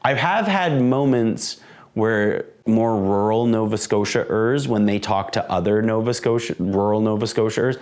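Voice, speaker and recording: A man's voice: on the low side, unhurried. A man in his forties co-hosting a casual podcast from home, rambling and correcting himself as he talks. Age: 40s. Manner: rambling, self-correcting, excitable. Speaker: podcast co-host. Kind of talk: casual chat. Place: at home, indoors. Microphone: camera microphone.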